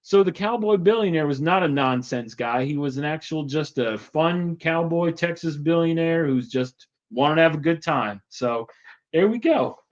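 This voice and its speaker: A man's voice: a little high, lively intonation, normal speed, lo-fi sound. A man casually retelling a cartoon episode as a show host, chatty and rambling with lots of fillers.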